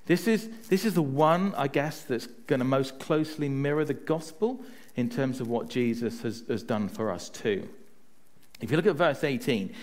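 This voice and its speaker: Lively, chatty male preacher. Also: mid-range voice, normal speed. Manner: chatty, often adds "right?" to check in with listeners; tells personal stories to make a point. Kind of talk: conversational sermon.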